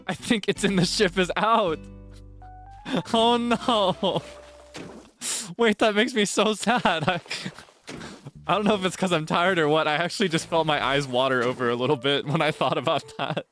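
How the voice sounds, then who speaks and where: A man streaming a life-sim game, chatting playfully and dramatically, swinging between deadpan asides and giggling. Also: a little high, a little fast. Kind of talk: casual game stream chat. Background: game music.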